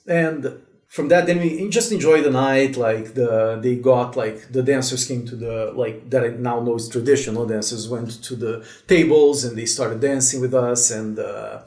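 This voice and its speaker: A man from Brazil with a Brazilian Portuguese accent, a drummer telling his story as an interview guest, animated and full of fillers. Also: mid-range voice, moderate pace, echoey room.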